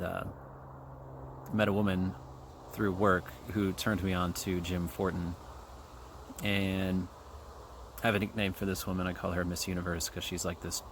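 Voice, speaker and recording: A man in his forties from Kansas City, hosting a podcast solo, chewing gum and talking casually with lots of fillers and swearing while out on a trail. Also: low-pitched. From Kansas City, USA. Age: 40s. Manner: rambling, profane, with many fillers and asides. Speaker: podcast host. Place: outdoors on a trail. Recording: faint outdoor background noise.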